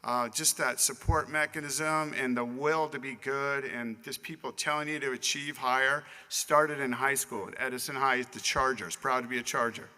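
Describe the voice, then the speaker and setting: A man's voice: mid-range voice, fairly even intonation, normal speed, hardly any pauses, sharp tone. A man in his fifties from Southern California, giving a chatty acceptance speech at a dinner and calling out to people in the audience. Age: 50s. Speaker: Hall of Fame inductee. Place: banquet hall dinner. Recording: long reverb of a banquet hall.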